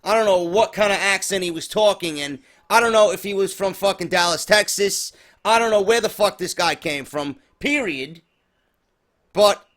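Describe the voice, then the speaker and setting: A man's voice: sits high, fairly bright tone. A man ranting through a profane, sarcastic review of a wrestling show, exasperated and mocking. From New York.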